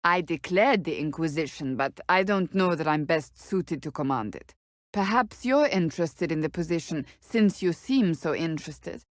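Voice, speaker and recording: Blunt serious warrior lady in a video game, kinda low voice, short clipped answers, dry studio sound. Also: animated, moderate pace, no echo. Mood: questioning. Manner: curt, formal and stern. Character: stern, blunt female warrior and seeker. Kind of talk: video game companion dialogue.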